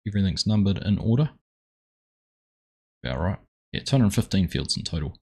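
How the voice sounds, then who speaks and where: A man's voice: deep voice, animated, fairly quick, darkish tone, husky, rough recording. A man hosting a live farming game stream, chatting casually and greeting viewers by name in a friendly, upbeat way. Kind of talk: live gameplay commentary.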